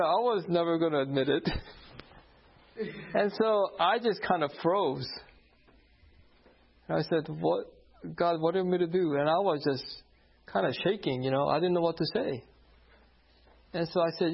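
A man's voice: a little high, vocal fry, breathy edge. A man preaching, telling a personal story from the pulpit, often laughing and acting out the voices of the people in it. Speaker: pastor. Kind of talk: sermon storytelling. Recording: dull lo-fi sound.

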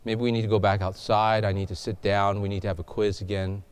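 A man's voice: on the low side, fast, clean tone. A man preaching a sermon, telling stories and putting questions to the congregation. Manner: animated storytelling, questions to the congregation. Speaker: pastor.

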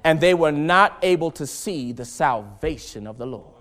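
Male preacher, high voice, fervent delivery that moves from hushed to loud. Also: animated, moderate pace. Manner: dramatic swings from hushed to loud, preaching with fervor. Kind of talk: sermon.

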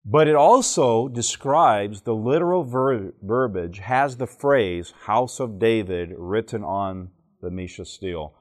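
A man's voice: on the low side, a little slow, hardly any pauses. A man from Alabama, giving a church teaching talk to a live audience. He tells jokey stories and keeps quizzing the listeners. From Alabama, southern United States. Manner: joking storyteller who quizzes the audience.

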